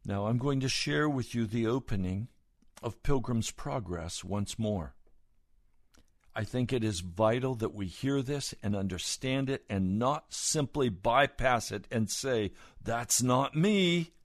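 A male preacher delivering a sermon, speaking slowly and gravely before building into fervent, pleading appeals. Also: mid-range voice, dry recording, clean studio sound.

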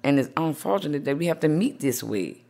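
A middle-aged woman, a grieving mother interviewed for a news report, speaking softly and emotionally with many "you know"s. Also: low-pitched, expressive, brisk, vocal fry. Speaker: grieving mother, support group founder.

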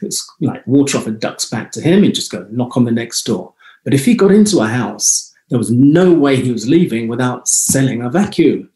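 A man speaks as an interview guest, unfolding personal anecdotes in a reflective, unhurried way. His voice sits at an ordinary middle pitch. The recording carries a roomy echo around him. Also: expressive, warm tone. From United Kingdom. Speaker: guest, holistic health clinic founder. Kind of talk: conversational interview storytelling.

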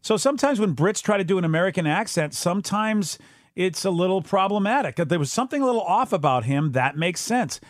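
A podcast co-host with a high voice talks briskly and animatedly in a casual, rambling chat full of fillers and restarts. The recording is dry and clean, studio-grade.

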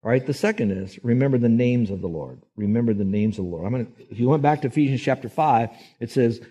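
A man preaching a sermon as a pastor, emphatic and quick to act out the people he quotes. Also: medium pitch, dark tone, husky. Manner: emphatic, acts out quoted voices.

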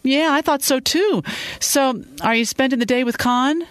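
A narrator voicing a gentle, lonely middle-aged father who speaks softly and affectionately, a little hesitant. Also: sits high, normal speed, smooth, no room sound, pitched above the performer's own voice. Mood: tender. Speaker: character in a read story.

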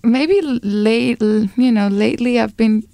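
A woman's voice: fairly high pitch, a little slow, gravelly, background noise. A woman co-hosting a podcast in casual chat, mostly giving short agreeing replies and restarting her sentences. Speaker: podcast co-host.

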